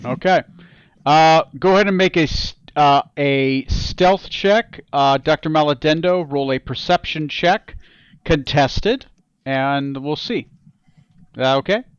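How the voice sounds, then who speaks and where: A man narrating as game master, relaxed and full of fillers and repeated words. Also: fairly high pitch, takes it slowly, clean tone, no echo, highs cut off.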